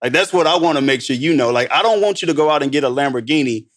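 A man talking as a podcast guest, casual and animated, peppering his talk with "bro" and "man". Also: fairly high pitch, fast talker. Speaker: guest, entrepreneur. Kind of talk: casual conversational storytelling.

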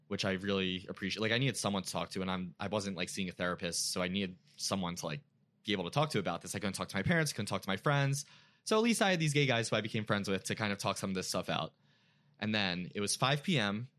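A man's voice: lowish voice, a bit bright. A young man, a podcast guest, telling an emotional personal story in casual chat, full of filler words.

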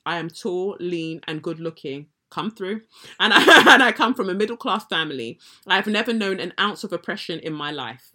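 A woman's voice: on the low side, sharp tone. A woman co-hosting a podcast, talking bluntly in casual chat and reading letters aloud. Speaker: podcast co-host.

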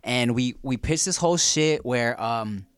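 A man's voice: medium pitch, a little slow, clean tone, no room sound, studio quality. A man hosting a podcast, telling stories in a loose, profane, casual way full of fillers. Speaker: podcast host.

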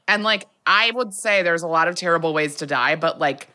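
A woman's voice: lowish voice, brisk, sharp tone. A woman co-hosting a comedy podcast, chiming in with agreeing comments in casual chat. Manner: agreeable, chimes in with short reactions. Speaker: podcast co-host.

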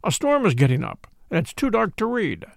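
A man's voice: high voice, wildly swooping pitch, a little fast, gravelly, no echo, studio quality, heavily acted. A man voicing a grave, lean, grey-haired police inspector in a storybook reading, speaking in a businesslike way.

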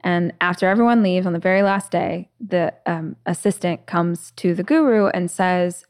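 A woman's voice: on the low side, normal speed, few pauses, darkish tone. A woman hosting a podcast, talking in a reflective, conversational way and telling stories, with plenty of filler words. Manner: reflective, storytelling, many "like" fillers. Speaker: podcast host.

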